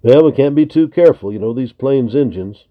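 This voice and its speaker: A man doing a brisk veteran trapper. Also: medium pitch, lively intonation, close to an everyday voice. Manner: brisk, firm. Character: experienced watchful male trapper, head of the guard. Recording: tinny narrow lo-fi recording.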